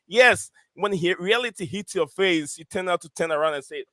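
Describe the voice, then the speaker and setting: A man hosting a live football review show, excitable and fond of shout-outs and repeating names. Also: sits high, moderate pace, no echo, studio quality. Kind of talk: live fan call-in chat.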